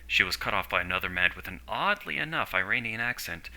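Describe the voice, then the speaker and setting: Low-voiced man narrating a story. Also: fast, hardly any pauses, low-quality recording. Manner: steady, descriptive.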